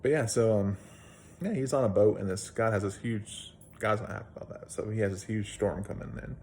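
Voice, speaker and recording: A man's voice: on the low side, a little fast, a little mellow, a little hiss or hum. A young man, a video blogger, casually retelling a Bible story at home in a plain-spoken, rambling way with fillers.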